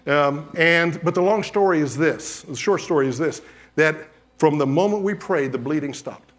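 Animated high-voiced preacher man. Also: moderate pace. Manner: animated storytelling, acts out quoted dialogue. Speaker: pastor. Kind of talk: sermon testimony.

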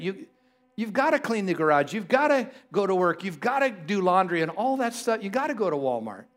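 A man preaching a sermon to a congregation, conversational and playful, often joking with the people in the room. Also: sits high. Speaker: pastor.

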